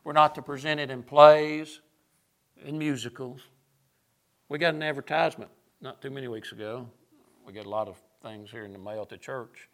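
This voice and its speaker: A man's voice: mid-range voice, fairly even intonation, normal speed, a bit bright. A man preaching a sermon, emphatic and sarcastic, building his points through lists.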